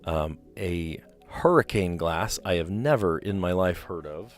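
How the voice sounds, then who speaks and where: A man's voice: deep voice, a little slow, faint music behind. A man chatting casually on a puzzle live stream, rambling and explaining where words come from. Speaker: streamer playing word puzzles.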